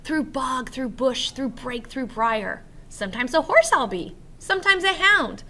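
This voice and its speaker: A woman's voice: high voice, expressive, measured pace, bright, forceful tone, heavily acted. A woman reading as a mischievous fairy sprite.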